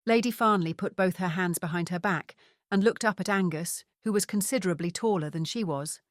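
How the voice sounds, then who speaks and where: A woman narrates a mystery audiobook with a calm, steady delivery. Her voice sits low, and the recording is dry and close. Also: moderate pace, no echo. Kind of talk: scripted narration.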